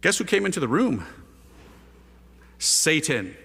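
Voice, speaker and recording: A priest telling his conversion story to an audience, a lively storyteller using casual slang and rhetorical questions. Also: a little high, a little slow, gravelly, slightly rough. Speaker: priest giving a conversion testimony. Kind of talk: animated testimony talk to an audience. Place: large hall with a live audience. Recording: reverberant hall.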